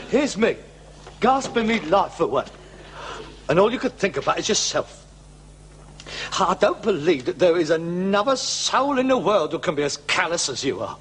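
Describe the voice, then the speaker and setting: An actor playing a middle-aged, melodramatic hypochondriac son, theatrical and self-pitying in a sitcom. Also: male voice, high voice, very animated, unhurried, pauses often, fairly bright tone, slight background noise, full character voice. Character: melodramatic hypochondriac grown son, put-upon.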